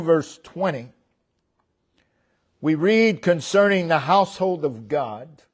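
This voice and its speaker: A man preaching a sermon as pastor. He speaks deliberately and stresses key words loudly, then drops his voice low at the ends of phrases. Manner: emphatic, deliberate, with sharp swings between loud stresses and quiet drops. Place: church.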